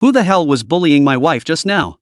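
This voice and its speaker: A man's voice: a little high, very animated, a little fast, no room sound, studio quality. A man voicing a furious, doting middle-aged businessman. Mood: blustering. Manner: blustering.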